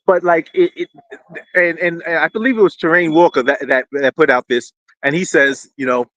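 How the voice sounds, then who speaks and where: A man hosting casual live-stream commentary, rambling and animated, often repeating words as he restarts. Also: a little high, moderate pace, no echo, muffled recording. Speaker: political commentary host. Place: indoors near a street with fire trucks.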